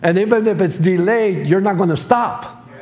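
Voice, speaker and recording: A man's voice: high voice, moderate pace, darkish tone. A man preaching a sermon as pastor, speaking in plain colloquial phrasing and acting out voices. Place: church sanctuary. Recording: echoey church hall.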